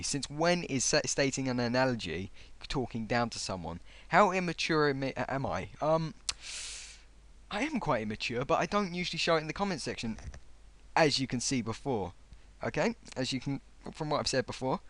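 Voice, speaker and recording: A man's voice: a little high, a bit bright, no room sound. A man reading out online comments and mocking them, sarcastic and exasperated.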